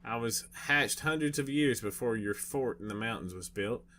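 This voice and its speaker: A man voicing an ancient, furious male dragon who is demanding and impatient, speaking in a stern, rumbling, commanding way. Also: animated, normal speed, fairly bright tone, slight background noise. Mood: stern, angry.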